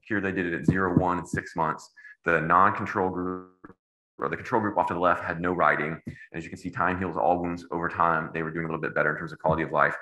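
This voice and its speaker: A middle-aged man lectures on medicine, wandering into casual, wry asides. His voice sits extremely low yet cuts through bright and forceful. The echoey lecture room rings around him. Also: flat delivery, fast. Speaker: anesthesiologist giving grand rounds.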